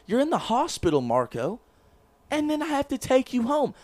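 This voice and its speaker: A man's voice: very high-pitched, normal speed, no echo. A young man co-hosting a podcast, telling a story in casual chat, swearing often and acting out what others said. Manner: animated, swears a lot, acts out quotes. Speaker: podcast co-host. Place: small room, close mic.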